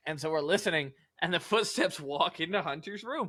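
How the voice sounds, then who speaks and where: A man's voice: a little high, brisk, hardly any pauses, pushed and bright, no echo. A young man casually telling a long story on a podcast, rambling and swearing with lots of filler words. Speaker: podcast co-host.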